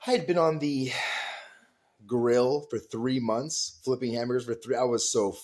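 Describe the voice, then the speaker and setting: A man's voice: fairly even intonation, measured pace. A man hosting his own video, telling a rambling story in an emphatic, profane way. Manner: emphatic and profane, with big swings in pitch and loudness. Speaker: vlog host.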